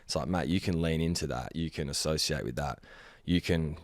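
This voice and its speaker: A man hosting a podcast, talking in a relaxed, matey way and swearing casually. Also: a bass voice, a little fast, no echo. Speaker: podcast host. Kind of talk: casual interview chat.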